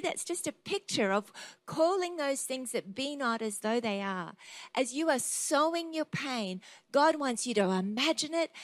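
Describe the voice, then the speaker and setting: A woman's voice: sits high, dry recording. A woman preacher delivering a sermon, passionate and declarative as she urges her listeners to act.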